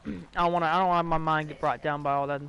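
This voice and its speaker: A man's voice: fairly high pitch, fairly even intonation, fairly quick, a bit bright, low-quality recording. A young man streaming, telling a ghost story to his chat in a rambling, profane way, full of restarts and fillers. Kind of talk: casual livestream storytelling.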